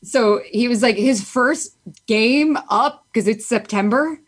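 A young woman podcast host telling stories in a loud, animated, profane way during a casual interview. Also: on the high side, slow pace, husky. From Italian-American, Sicilian family.

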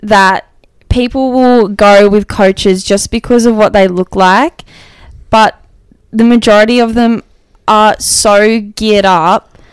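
A woman's voice: mid-range voice, fairly even intonation, slow pace, clear, resonant tone, no room sound. A young woman, co-hosting a casual fitness podcast, chatty and sarcastic. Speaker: podcast co-host, online coach. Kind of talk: casual chat.

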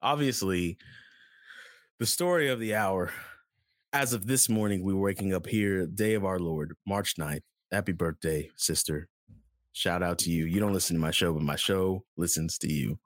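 Low-pitched guy hosting a podcast, rambling and jokey, dry close sound. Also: normal speed, no echo. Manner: rambling and playful, jumps between topics. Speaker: podcast host. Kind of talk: casual chat.

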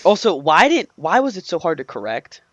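A man co-hosting a relaxed movie chat, retelling scenes and laughing often as he talks. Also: a little high, brisk, no room sound, lo-fi sound. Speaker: podcast co-host.

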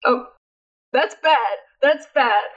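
A woman player in a tabletop game, describing her character's actions in a rambling way. Her voice is high and slow, and the audio sounds dull. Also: a bit bright, breathy edge.

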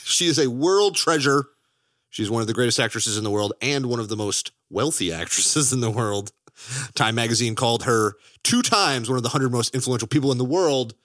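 A man hosting a casual film podcast, energetic and jokey, laughing often. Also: medium pitch, a little fast, dry recording, clean studio sound. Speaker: podcast host.

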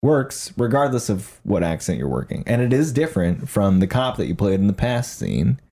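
A man with a fairly low, mellow voice talks shop about improv in a loose, animated way. He drifts onto tangents and lands his points with emphasis and the odd swear word. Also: normal speed. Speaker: improv podcast co-host. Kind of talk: casual chat.

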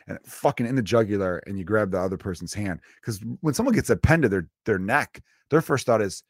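A man hosting a comedy podcast, rambling in a casual monologue, cursing freely and bursting into loud acted-out voices, speaking close to the mic. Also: fairly low pitch, animated, fast talker, no room sound.

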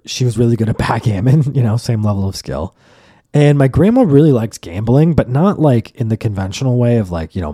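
A man's voice: medium pitch, no echo, studio quality. A young man hosting a podcast, telling a rambling, profane, comedic story and acting out the people in it. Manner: profane, rambling, animated storytelling with acted-out quotes. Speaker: podcast host.

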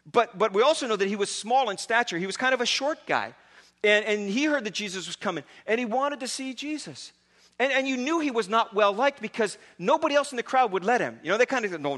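A man preaching a sermon as pastor, retelling stories in an animated, casual way with many asides. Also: high-pitched.

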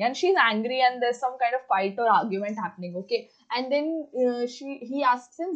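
A woman hosting a podcast in casual book chat, gushing and excitable, with lots of fillers. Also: high voice, unhurried. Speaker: podcast host. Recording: dull lo-fi recording.

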